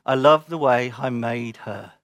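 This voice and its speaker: God as a loving father, speaking with soft, slow fondness, as a preacher puts him on. The voice drops lower and quieter than his preaching, and it is close and dry. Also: no echo. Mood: tender.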